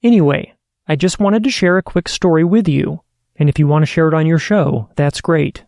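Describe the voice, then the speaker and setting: A man hosting a podcast, reading listener stories aloud in a steady, earnest way. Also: a little high, moderate pace, vocal fry, no room sound, clean studio sound. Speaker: podcast host.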